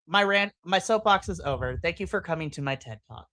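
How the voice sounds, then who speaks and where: This podcast host, a woman, chats casually on a livestream reaction show, ranting with passion and tossing in playful, exaggerated asides. She talks briskly with few pauses, her fairly low voice animated, bright, and forceful. The recording is dry.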